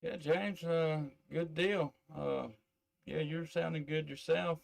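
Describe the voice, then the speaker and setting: A man's voice: on the high side, steady tone, slow, gravelly. A man from Tennessee with a Southern accent, chatting on the air as a ham radio operator into a desk microphone, drawling with many fillers. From middle Tennessee. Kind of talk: casual on-air radio contact.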